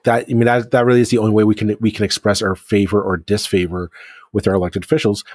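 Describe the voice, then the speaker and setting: A man's voice: fairly low pitch, flat delivery, quick pace, dry recording. A man co-hosting a podcast, chatting casually about local politics with many restarts and fillers. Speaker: podcast co-host.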